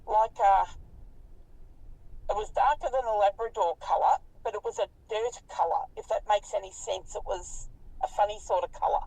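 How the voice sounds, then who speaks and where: Husky Australian woman recounting a sighting. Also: mid-range voice, normal speed, distant mic, rough recording. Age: 50s. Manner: animated, colloquial, swears freely. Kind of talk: casual storytelling interview.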